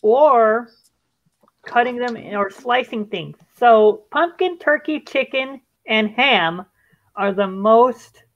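A woman's voice: a little high, takes it slowly. A woman hosting a live stream in a casual, chatty way, steering the group along. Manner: chatty, leads the group with frequent "all right"s. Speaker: stream host. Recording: dull lo-fi stream audio.

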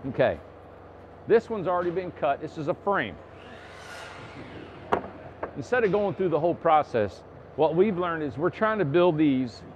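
In his shop, a tiny-home builder wearing a clip-on mic gives a casual, hands-on lesson on window trim, explaining each step. His slightly high, expressive voice moves at normal speed with frequent pauses as he chats and jokes, though the highs are cut off and the background is noisy.

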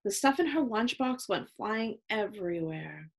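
A woman reading a children's chapter book aloud in a slow, expressive storytelling manner. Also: medium pitch, gravelly, breathy edge.

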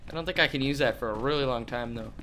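A young man commentating his gameplay in a goofy, trash-talking way, shouting during fights. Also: mid-range voice, racing, slight background noise. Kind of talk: let's play commentary. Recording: game music behind voice.

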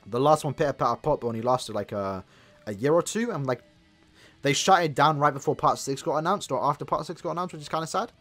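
A young-sounding gaming channel host with a sore throat chats casually while playing a mobile game, rambling and using lots of fillers. His voice is a little high and fairly bright, his pace is quick, and soft music plays in the background.

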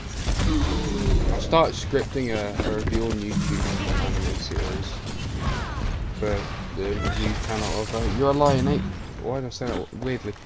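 A man's voice: on the low side, a little slow, pauses often, loud music behind the voice. A man rambling casually while streaming a video game, chuckling between thoughts. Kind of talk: casual gaming stream chat.

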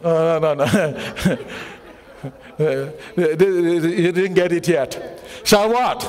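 A man's voice: fairly high pitch, takes it slowly. A man preaching a sermon as pastor, quizzing the congregation with call-and-response questions and repeating lines with emphasis. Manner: emphatic repetition, bursts of shouting. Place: church hall. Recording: long hall reverb.

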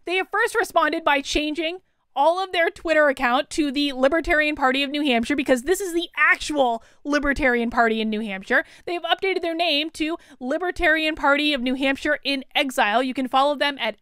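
A woman's voice: high voice, normal speed, a bit bright, dry recording, studio quality. A woman hosting a breaking-news political commentary vlog, talking with emphatic, incredulous indignation.

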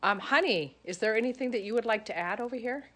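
A woman's voice: fairly high pitch, fast, a bit bright. A woman giving an emotional testimonial about her coach, gushing and rambling with many fillers. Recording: music playing under the voice.

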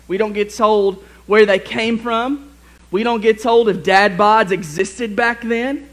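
A man preaching a lively sermon to his church congregation, joking with the crowd and reading scripture aloud. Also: extremely high pitch, poor audio. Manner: energetic, jokey, speaks to the congregation. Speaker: pastor. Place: church sanctuary.

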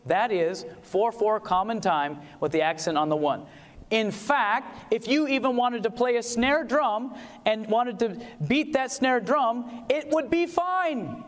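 A man gives an animated seminar talk on music, firing questions at his listeners and breaking into short sung examples. His voice sits high, and a long reverb trails it through the hall. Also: measured pace. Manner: animated, asks the audience questions, sings short demos.

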